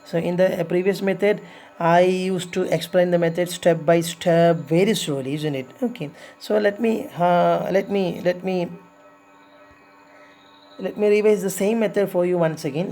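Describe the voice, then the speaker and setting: A man teaches a recorded math lesson, patiently walking through each step, repeating himself and urging students to practise. His voice sits high, gravelly and somewhat dark in tone.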